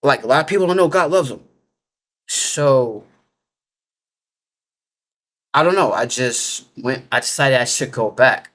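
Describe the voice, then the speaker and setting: A man recounting his own story in a casual, rambling way, stringing thoughts together with fillers and restarts. His grammar is loose and everyday, and his voice sits in an ordinary middle pitch. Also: animated, measured pace, long pauses, fairly bright tone. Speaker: interviewee telling a near-death experience.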